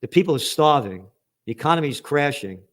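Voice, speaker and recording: His voice sits on the high side, expressive and quick-paced, as he reads headlines aloud. Then he mocks them with profanity in an angry, sarcastic news commentary.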